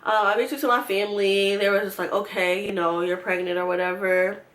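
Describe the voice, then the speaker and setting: A young woman telling a storytime vlog, animated and swearing freely as she acts out what people said. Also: medium pitch, brisk, roomy sound. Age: young adult. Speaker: vlogger.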